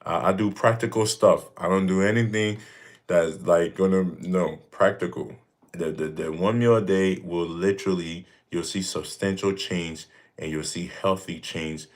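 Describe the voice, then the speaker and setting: Male host, 30s, very low voice, emphatic, repetitive and joking in casual livestream chat. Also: fairly even intonation, moderate pace. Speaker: fitness streamer answering viewer questions.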